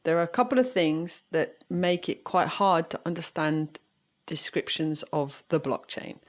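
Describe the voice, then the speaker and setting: A woman co-hosting a casual podcast chat, playful and quick to laugh. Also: low voice, expressive. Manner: playful, laughs between remarks. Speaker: podcast co-host.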